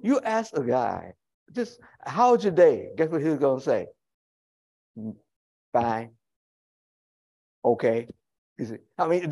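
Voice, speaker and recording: A man's voice: fairly high pitch, warm tone. A male pastor preaching a sermon in a folksy, conversational way, with humorous asides to the congregation.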